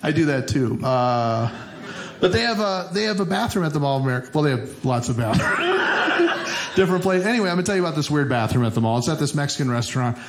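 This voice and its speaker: Casting note: man from minnesota, stand-up comic, animated set, slightly high voice, noisy room. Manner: animated storytelling with frequent laughs and quick asides. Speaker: stand-up comedian. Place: stage in front of a laughing audience.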